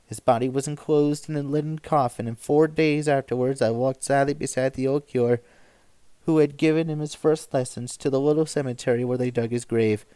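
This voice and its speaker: A man of middle pitch reads old stories aloud in a measured, even way. His voice is close and dry, with no room around it. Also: clean tone, no echo. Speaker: story reader.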